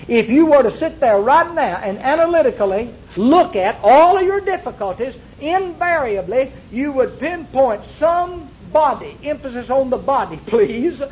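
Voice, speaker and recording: A man's voice: very high-pitched, animated, moderate pace, few pauses, darkish tone, lo-fi sound, slight background noise. A male pastor preaching a sermon to a congregation, with emphatic repetition and rhetorical questions. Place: church before a congregation.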